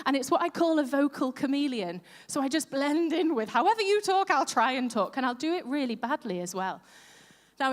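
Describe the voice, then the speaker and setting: A woman pastor giving a sermon, chatty and self-deprecating, asking her congregation questions. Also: high voice. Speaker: pastor on church lead team. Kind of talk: sermon with audience interaction. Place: large church hall. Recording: echoey church hall reverb.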